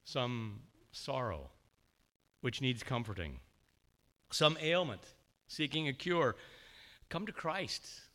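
A man's voice: medium pitch, expressive, slow pace, pauses often, sharp tone. A man preaching a sermon, telling a story with feeling and briefly voicing the characters.

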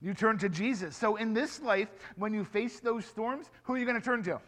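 A man giving a lively children's sermon in church, asking the children questions and acting out the story for them. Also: high voice, normal speed, big-room sound. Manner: animated, asks the children questions. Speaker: children's pastor.

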